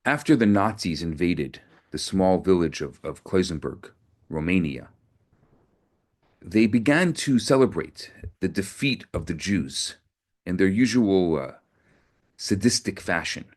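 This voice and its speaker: A man's voice: sits low, expressive, measured pace. A man, a rabbi, giving an earnest sermon in a storytelling manner, often repeating words as he builds to a point.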